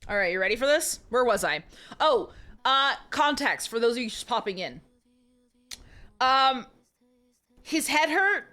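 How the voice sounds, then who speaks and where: A woman's voice: a little high, big pitch swings, measured pace, pauses often, sharp tone. Giggly young woman streamer. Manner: giggly, self-mocking asides. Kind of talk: reading a romance novel aloud, casual stream chat.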